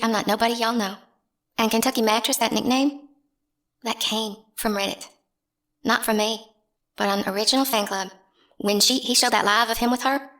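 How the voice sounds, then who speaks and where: A woman's voice: a little high, a bit bright. A young woman, ranting bluntly and scornfully in a casual vlog. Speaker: channel host.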